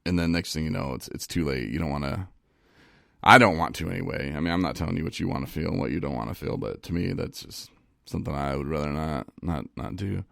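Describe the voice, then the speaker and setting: A man in a casual live-stream monologue, halting and repeating words, laughing at himself, and getting choked up. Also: very deep voice, creaky, a bit bright, no room sound, clean studio sound. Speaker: recovery vlogger. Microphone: phone.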